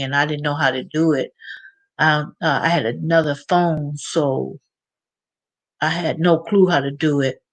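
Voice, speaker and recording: A woman's voice: on the low side, gravelly. A middle-aged woman hosting her own channel, chatting casually and rambling with many restarts. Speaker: channel host. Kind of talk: casual livestream chat.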